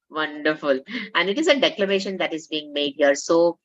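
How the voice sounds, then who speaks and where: A woman's voice: low-pitched, bright, forceful tone. A woman with an Indian accent, giving a conversational motivational talk as a life coach, coaxing and mixing in Hindi. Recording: dull lo-fi audio.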